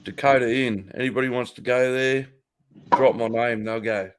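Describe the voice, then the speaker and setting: Clear and resonant, the mid-range voice of this middle-aged Australian man keeps a fairly even intonation at a moderate pace. He hosts a relaxed livestream from his home office, swearing freely and joking, laughing often as chat comes in.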